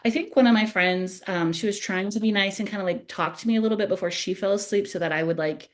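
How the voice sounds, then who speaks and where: Speaking quickly in a mid-range voice, this young woman shares a personal story on her podcast. She keeps it casual and lively, frequently laughing at herself.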